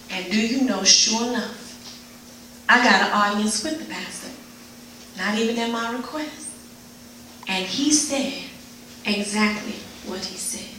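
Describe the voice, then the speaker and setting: A woman giving an emotional, dramatic spoken word performance at a live event, moving between hushed and pleading delivery. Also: fairly high pitch, a little slow, long pauses. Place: live event before an audience. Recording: very echoey room, mic far off, faint noise.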